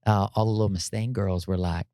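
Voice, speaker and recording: A lower-pitched man spins an animated, humorous story for his listeners, drawing them in with frequent "right?" and "you know" asides. His voice sits close and dry in the recording, with no room sound around it. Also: fairly quick, smooth, no room sound. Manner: energetic, peppers talk with "right?" and "like, you know"; addresses listeners directly, folksy and humorous. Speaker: podcast guest telling a personal story.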